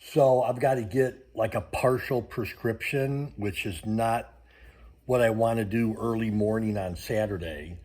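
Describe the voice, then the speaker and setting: A man's voice: mid-range voice, a little mellow. Folksy older male vlogger. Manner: rambling, folksy, many fillers. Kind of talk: casual chat to camera.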